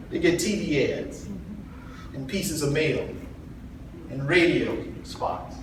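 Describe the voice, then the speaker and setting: A man from South Carolina giving an earnest, folksy political speech to a convention crowd. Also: high-pitched. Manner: earnest, folksy, rising to rallying calls. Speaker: party chair candidate. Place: large convention hall. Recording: echoey hall from far off, faint noise.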